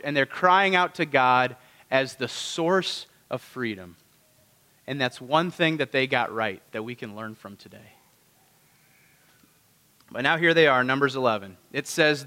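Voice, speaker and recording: Man, pastor, casual sermon, bright tense voice, long hall reverb. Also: medium pitch, animated, a little slow. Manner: casual, asks the congregation rhetorical questions. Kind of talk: conversational sermon.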